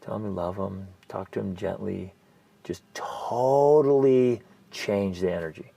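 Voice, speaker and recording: A man co-hosting a parenting podcast, telling coaching stories in an earnest, animated way and dropping to a soft, gentle tone. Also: low-pitched, unhurried, vocal fry. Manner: earnest, animated storytelling, softens to near-whisper. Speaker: podcast co-host, family coach. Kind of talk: casual podcast chat.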